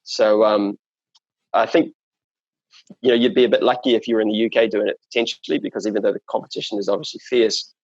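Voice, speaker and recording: A man's voice: on the low side, level tone, fast talker, a little mellow, no room sound, dull audio. A man from New Zealand with a New Zealand accent, chatting as an interview guest in a rambling way, full of fillers and restarts. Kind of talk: casual chat.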